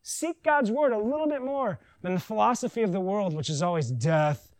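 A man preaching a conversational sermon, joking and animated, with silly voices in his asides. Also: sits high, moderate pace, no room sound, low-quality recording. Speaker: pastor.

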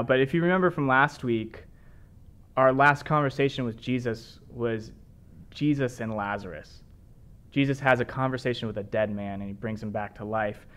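A man's voice: mid-range voice, normal speed, a bit bright. A man with a mid-range voice shares a conversational sermon as co-pastor. He recounts the story and affirms his partner's points.

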